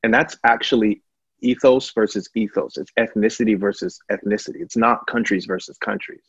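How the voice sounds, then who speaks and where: A husky-voiced man, a pastor, speaks candidly in conversation, getting louder and higher when he presses a point. The recording is dry and a little dull. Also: brisk, dry recording. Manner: impassioned, rising loud and high when stirred.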